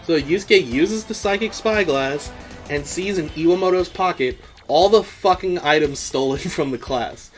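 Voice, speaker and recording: A man hosts a podcast and recaps an anime episode in a loose, chatty way, swearing freely and laughing often. His voice sits on the higher side for a man. Faint music plays behind him. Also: normal speed. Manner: profane, animated, laughs often. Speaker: podcast host.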